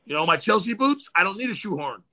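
A man with a high, sharply bright voice holds court on a podcast. He speaks casually and drops swear words freely, acting out quick little characters to make his points. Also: sing-song. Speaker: podcast host.

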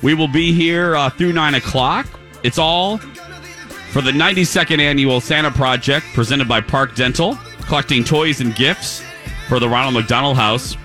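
A man's voice: mid-range voice, normal speed, faint music behind. A man hosting a morning radio show, telling a long story casually and acting out the voices of the people in it. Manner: animated, acts out voices in anecdotes. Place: live remote broadcast at a clinic.

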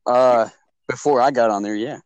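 A man co-hosting a podcast in loose, casual banter, laughing often and tripping over his restarts. He is calling in from outdoors at night, and his voice sits at an average pitch with a dry, close sound. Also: normal speed, darkish tone, clean tone, no room sound. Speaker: podcast co-host. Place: outdoors at night among crickets.

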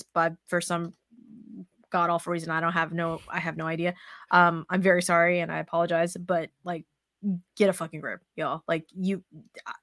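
A woman's voice: fairly low pitch, a bit bright, no echo, studio quality. A young woman hosting a casual podcast chat. She swears a lot and acts out her own thoughts as quotes. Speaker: podcast host.

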